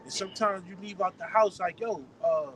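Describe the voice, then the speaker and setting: A man in a casual group chat who speaks haltingly with many pauses. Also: high voice, flat delivery. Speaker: discussion participant. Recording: distant mic with outdoor noise.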